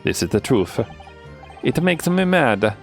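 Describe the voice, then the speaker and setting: A shady, excitable male witness from a courtroom game speaks in a hammy put-on foreign accent, pitched well above a gravelly low voice, as a man puts him on. His lines swoop up and down, tagged with pleading little questions. Faint music plays behind. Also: takes it slowly, heavily acted. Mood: indignant. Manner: theatrical, sing-song, pleading with 'eh?' tags.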